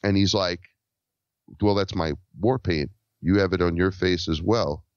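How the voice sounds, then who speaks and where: Low-voiced man telling an animated story. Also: unhurried, smooth, dry recording. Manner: animated, acts out quoted dialogue. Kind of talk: casual storytelling. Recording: dull lo-fi dry recording.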